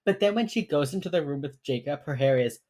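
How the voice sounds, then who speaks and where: Very low-voiced woman recapping casually. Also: animated, fast talker, a little mellow. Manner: rambling, swears casually, laughs often. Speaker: podcast co-host. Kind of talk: casual chat recapping a TV episode.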